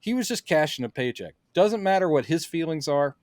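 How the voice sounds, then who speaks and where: A man's voice: on the high side, animated, brisk, darkish tone, no echo, clean studio sound. A man co-hosting a podcast in casual chat, acting out quoted lines with animation. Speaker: podcast co-host.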